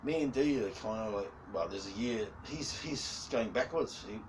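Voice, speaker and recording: A YouTuber in his forties rambles through a casual rant, swearing heavily and often breaking into laughter. His voice is lowish and his pace moderate, captured by a distant mic with faint background noise.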